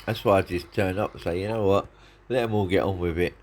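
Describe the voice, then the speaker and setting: A man's voice: low-pitched, quick pace. A middle-aged man angrily ranting to his son, swearing and repeating himself. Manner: angry, sweary, repetitive ranting. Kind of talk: casual rant. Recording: noisy background.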